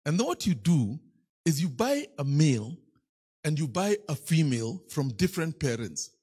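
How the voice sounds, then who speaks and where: Husky Kenyan bishop, lively sermon. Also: male voice, a little high, moderate pace. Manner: playful storytelling, teasing the congregation. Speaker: bishop preaching. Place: church.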